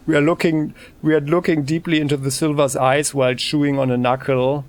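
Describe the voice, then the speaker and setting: A man hosting a let's play, musing over choices in casual commentary with restarts. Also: fairly high pitch.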